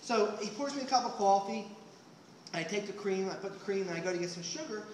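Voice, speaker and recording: A man's voice: high voice, expressive, quick pace, a little mellow, reverberant, a little hiss or hum. A man telling a comic story live, rambling with many fillers and restarts.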